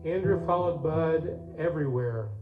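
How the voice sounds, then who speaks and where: A man with a slightly high voice speaks at a normal pace, telling a chatty, folksy story with asides to the audience at a church service. It's storytelling mixed with song, and the recording sounds echoey and tinny, with a loud guitar.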